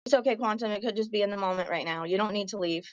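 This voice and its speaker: A woman's voice: medium pitch, very fast, dry recording, dull audio. A woman ranting angrily and profanely on her livestream, confronting her viewers head-on. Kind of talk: angry livestream rant.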